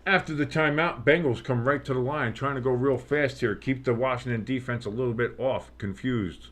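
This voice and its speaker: A male streamer calls a live game at a moderate pace in a medium-pitched voice. His play-by-play is casual and jokey, getting louder and more excited on big plays as he talks with his chat.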